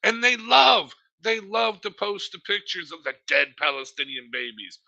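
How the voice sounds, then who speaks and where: A man's voice: high voice, very animated, moderate pace, creaky, bright, forceful tone, low-quality recording. A man in a heated political discussion, emphatic and blunt. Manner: emphatic, terse agreements. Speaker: discussion group participant.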